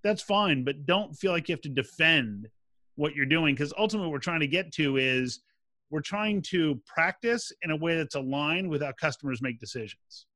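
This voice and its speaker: Man, sales expert guest, bright forceful tone, slightly high voice, dry sound, animated quoting. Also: moderate pace, no room sound. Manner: animated, acts out quoted dialogue. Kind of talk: interview answers, explaining.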